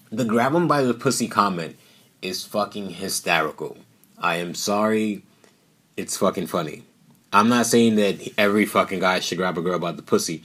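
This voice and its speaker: A young man from New York ranting bluntly and profanely on his podcast, animated and outspoken. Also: fairly low pitch, normal speed, husky. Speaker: podcast host. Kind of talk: casual political rant.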